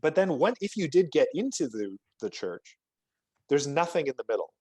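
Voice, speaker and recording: A man's voice: on the high side, very animated, moderate pace, darkish tone, husky, dry recording, poor audio. A man giving a virtual talk on his research findings, explaining with frequent fillers and restarts. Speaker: guest lecturer.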